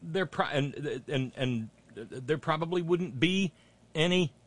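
A man's voice: on the high side, takes it slowly. A man hosting political commentary, mocking clips with sarcastic asides and rising rants.

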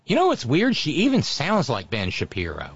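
A man's voice: mid-range voice, wildly swooping pitch, moderate pace, breathy edge, no room sound, highs cut off. A man hosting a podcast, giving sarcastic, mocking commentary in casual chat. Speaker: podcast host.

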